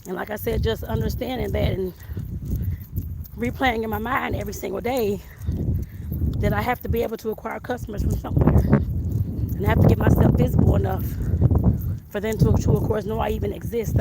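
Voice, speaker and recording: A woman from southern Arizona vlogs about her home business as a baker and life coach while walking down a hot, sunny street, slightly out of breath. Her mid-range voice is steady, fairly quick and creaky, with long pauses, and she rambles, repeating "like I said" and "I guess I put it that way." Loud street and wind noise fill the recording.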